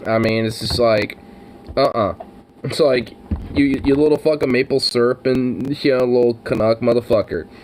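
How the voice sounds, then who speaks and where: A man's voice: medium pitch, moderate pace, a little mellow, slight background noise, rough recording. A man in casual, profane podcast banter, rambling with lots of fillers and frequent laughs.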